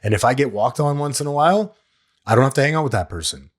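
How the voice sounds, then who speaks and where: A man's voice: medium pitch, lively intonation, quick pace. A man hosting a recovery podcast. He talks candidly and plainly, swears now and then, and coaches his listeners, repeating the key lines. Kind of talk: solo talk on addiction recovery.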